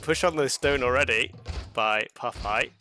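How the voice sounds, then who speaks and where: Male game caster, casual play-by-play, bright voice, light music bed. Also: medium pitch, measured pace. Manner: chatty, loose, with frequent restarts and laughs. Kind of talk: live game commentary.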